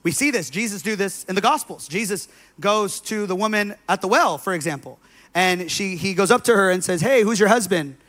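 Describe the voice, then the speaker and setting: A male pastor delivers a sermon in a slightly higher-than-usual voice. He tells stories conversationally, with plenty of fillers and loose asides. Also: fairly quick, a bit bright. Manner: conversational preaching, storytelling with many fillers.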